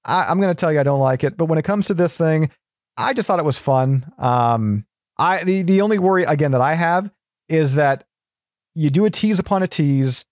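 Joking podcast guest, dry close sound. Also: male voice, fairly high pitch, lively intonation, darkish tone, no echo. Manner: joking, halting with fillers and restarts. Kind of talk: casual podcast chat.

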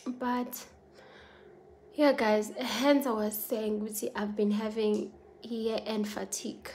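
A woman's voice: a little high, little pitch movement, unhurried, a little mellow, slight background noise. A woman with a South African accent, talking to her viewers in an earnest, confiding personal vlog. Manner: earnest, confiding, mixes languages. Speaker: vlogger.

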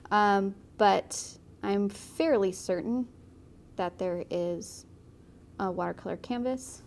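A woman's voice: medium pitch, slow pace, gravelly, a little hiss or hum. A woman hosting a live watercolor tutorial, chatting casually and teasing her crew between painting steps. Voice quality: laughs easily, playful and teasing. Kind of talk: casual chat while painting.

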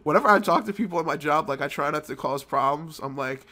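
A man's voice: a little high, fast, bright, forceful tone. A man hosting a mobile game channel, telling a rambling, profane story while sick with a cold. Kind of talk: casual gameplay commentary.

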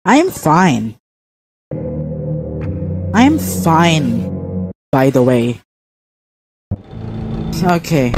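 A man's voice: fairly high pitch, big pitch swings, takes it slowly, long pauses. A man commentating his horror game run, frantic, panicky and swearing constantly. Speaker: gameplay streamer. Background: game music.

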